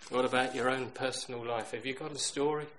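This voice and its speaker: A middle-aged man delivers a sermon in a mid-range voice, leaning into stories. He rises to loud, emphatic peaks and drops to near-whispered asides. A faint hiss sits behind the recording. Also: medium pitch, fairly even intonation, fast, poor audio. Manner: storytelling, swings from loud emphatic to quiet. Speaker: preacher.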